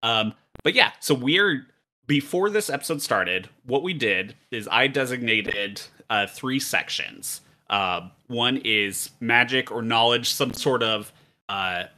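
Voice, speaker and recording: A man's voice: mid-range voice, pushed and bright. A man who runs the game on a podcast, reading setting text and explaining plans in casual chat, laughing often and using many fillers. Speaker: game master and podcast co-host.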